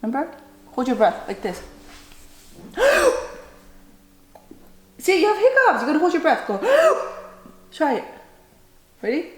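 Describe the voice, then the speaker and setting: A female food vlogger chats casually while cooking at home for a mukbang video, rambling and joking to herself. Her high voice is sing-song and fast, broken by frequent pauses, and the kitchen sounds reverberant.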